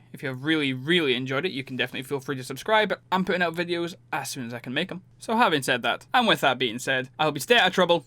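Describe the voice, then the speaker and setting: A man's voice: mid-range voice, sharp tone, dry recording. A man giving let's play commentary, talking to himself and mocking his own mistakes in an exasperated, self-deprecating way. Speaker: gaming YouTuber.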